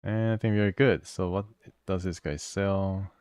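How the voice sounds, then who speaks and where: A man playing a video game, reading its text aloud and thinking out loud as he goes. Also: deep voice, fairly even intonation, moderate pace, smooth, no echo. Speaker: gamer. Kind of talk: let's play commentary.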